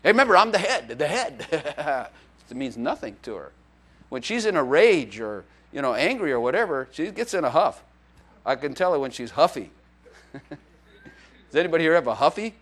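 A man's voice: medium pitch, big pitch swings, normal speed, long pauses. A man preaching as a pastor in a church, in a joking, conversational way with playful acted quotes. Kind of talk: sermon.

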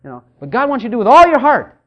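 A middle-aged man preaching a sermon in a church, animated, acting out the voices of churchgoers he quotes. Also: very high voice, very fast. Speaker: pastor.

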